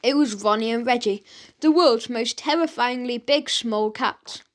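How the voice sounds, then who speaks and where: A woman narrating a children's audiobook in an expressive storytelling manner. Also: on the high side, unhurried.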